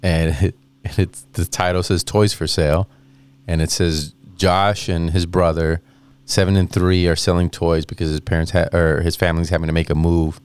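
A man in his thirties, a comedian guest, telling a rambling, animated story and acting out the voices of people in it. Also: low-pitched, moderate pace, smooth. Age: 30s. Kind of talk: casual storytelling anecdote.

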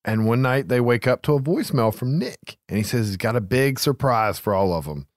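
Animated swearing man talking movies. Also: medium pitch, brisk, no echo, studio quality. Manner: animated, swears a lot, laughs often. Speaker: podcast host. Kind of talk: casual movie chat.

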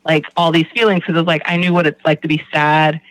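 A man with a bright, forceful voice, a little higher than most, talks through his story in a rambling, candid way. The sound is dry and close, with no room around it. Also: flat delivery, fast, no room sound, rough recording. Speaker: guest in recovery. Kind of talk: candid conversation.

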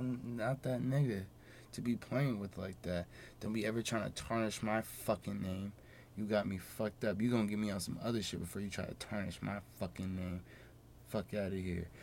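Young male podcaster, low-pitched, brash, profane street talk, casual solo rant. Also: a little mellow, slight background noise. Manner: profane, boastful street slang. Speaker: podcast host.

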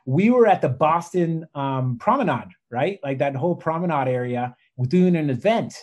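A man telling stories in a casual podcast chat, animated and fond of saying "literally" and "right?". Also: a little high, normal speed. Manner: animated storyteller, says "literally" and "right?" often. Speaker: podcast guest.

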